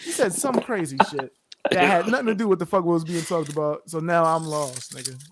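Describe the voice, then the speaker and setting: A man's voice: on the high side, a little fast, over a noisy crowd. A man on a stream voice call, exasperated and swearing, half laughing as he complains. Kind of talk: casual group chat on a stream.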